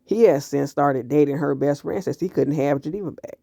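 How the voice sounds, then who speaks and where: A man recapping a TV series episode in casual, animated commentary, blunt and full of profanity. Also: fairly high pitch, fairly quick, gravelly, no room sound, clean studio sound. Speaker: TV show reviewer.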